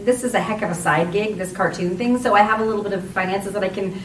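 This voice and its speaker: Brief: rambling, laughing voice actress at a convention panel, distant mic, faint background noise. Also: female voice, medium pitch, steady tone, fast talker, reverberant. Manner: chatty and rambling, laughs often, acts out quotes. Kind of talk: casual panel Q&A.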